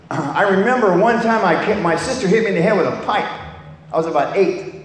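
A man's voice: high-pitched, a little fast. Blunt older man in an echoing hall. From California. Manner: blunt and candid, swears freely, many restarts. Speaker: speaker sharing a recovery story. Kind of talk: personal testimony talk. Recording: echoey hall, long reverb, faint noise.

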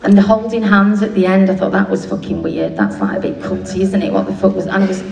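A woman's voice: medium pitch, wildly swooping pitch, fast. Blunt woman sharing, echoey room. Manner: blunt, swearing, self-mocking humour. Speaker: speaker sharing at a recovery meeting. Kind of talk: candid comic recovery share. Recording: echoey room, distant mic, faint noise.

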